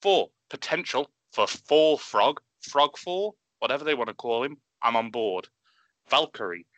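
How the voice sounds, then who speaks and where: Excitable podcaster, bright and punchy, dry close mic. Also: male voice, mid-range voice, unhurried, no room sound. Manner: excitable, swearing, animated. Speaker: podcast co-host. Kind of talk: enthusiastic casual chat.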